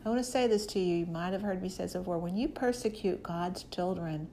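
A woman's voice: lowish voice, a little fast, dark tone, a little hiss or hum. A woman preacher giving a conversational Bible teaching, talking emphatically and directly to her listeners.

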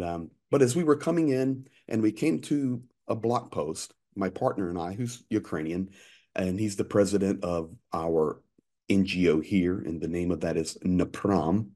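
A man in his fifties, an interview guest telling lively anecdotes with frequent restarts. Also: low-pitched. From United States. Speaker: interview guest, aid worker. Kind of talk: conversational storytelling.

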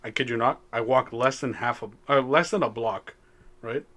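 Bright-voiced young man telling a story. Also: mid-range voice, normal speed. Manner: laid-back storytelling, laughs often, swears casually. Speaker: podcast co-host. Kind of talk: casual chat.

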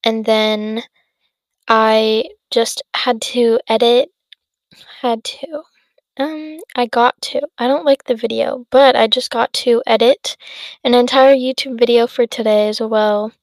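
On her solo podcast, an eighteen-year-old woman chats casually in a slightly high voice, slow and fairly even in intonation. She sounds tired and keeps yawning, rambling with lots of fillers and interrupting herself. There's no echo.

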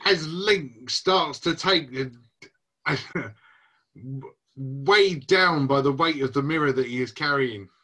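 A man's voice: fairly high pitch, takes it slowly, bright, forceful tone. A man narrating as game master of a tabletop game, casual, with fillers and restarts.

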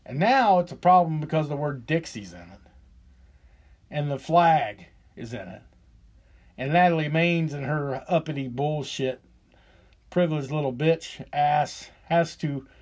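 A man's voice: fairly high pitch, a little mellow. Profane ranting man in his fifties. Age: 50s. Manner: profane, heated and sarcastic. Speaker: podcast host. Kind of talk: opinionated solo rant.

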